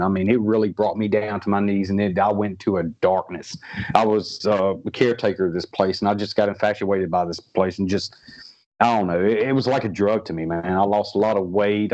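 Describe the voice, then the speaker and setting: A man, a paranormal investigator, telling his stories in a rambling, halting way with many restarts, as a guest on a casual interview show. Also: fairly low pitch, a little mellow, highs cut off.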